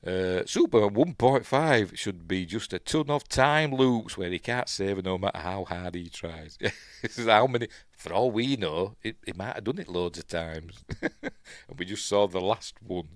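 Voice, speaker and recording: A man with a Yorkshire accent and a fairly low voice rambles through a casual review while watching a film, full of fillers and chuckling asides. The recording is dry.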